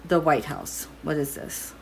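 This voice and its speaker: Deep-voiced and a little mellow, with vocal fry, this woman is animated yet unhurried. She muses aloud as she turns over cards in a casual tarot and astrology reading for viewers, with slight background noise.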